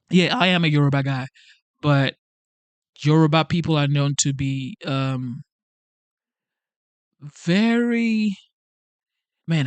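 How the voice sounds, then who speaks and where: Slightly high-voiced and recorded without echo, this Nigerian man hosts a livestream in his Nigerian accent. He chats loosely, reads out comments from viewers, and keeps saying "like" and "okay?".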